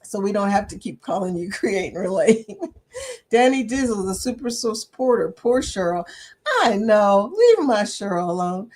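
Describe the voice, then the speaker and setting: A woman's voice: medium pitch, animated, moderate pace, a little mellow. A middle-aged woman from Pennsylvania hosting a livestream, chatting casually, reading out comments and laughing often. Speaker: livestream host.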